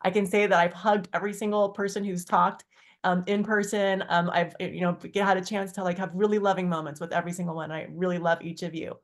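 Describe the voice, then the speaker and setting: A woman's voice: little pitch movement, fairly quick. A woman on a video call giving a heartfelt personal testimony, rambling with restarts and acting out quoted lines. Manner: earnest, rambling with many restarts and fillers; acts out quoted dialogue with big pitch jumps. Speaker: guest speaker on a community call.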